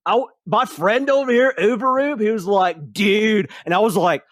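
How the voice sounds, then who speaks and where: A man's voice: high voice, normal speed, no echo, clean studio sound, pitched above the performer's own voice, lightly acted. A man voicing a laid-back stoner elf man who drawls surfer slang and keeps saying dude. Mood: mellow.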